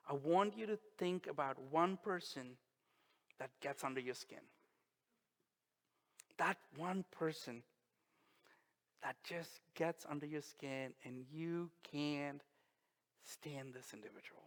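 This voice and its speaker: A male pastor preaching a sermon, slow and emphatic, with dramatic pauses and quiet drops. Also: a little high. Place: church sanctuary. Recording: long reverb of a church hall.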